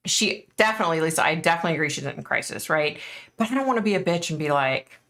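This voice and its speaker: A woman's voice: low-pitched, animated, fast, fairly bright tone. A middle-aged woman, a psychic medium, hosting a casual live stream and chatting frankly with her viewers, full of "like" and "you know".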